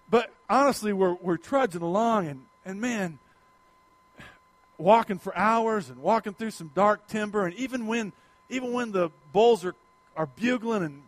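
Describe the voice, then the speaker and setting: A middle-aged male pastor delivers his sermon with a noticeably high voice. He tells a folksy personal story, rising to loud emphasis and dropping to quiet asides. The sound is close and dry. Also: dry recording.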